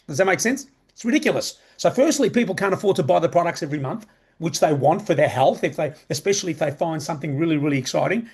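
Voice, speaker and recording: An upbeat man pitching an online business opportunity, chatty and eager, doubling back on his words as he goes. His voice sits a little high for a man. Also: breathy edge. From Australia. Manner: enthusiastic, chatty, repeats words. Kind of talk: live sales presentation.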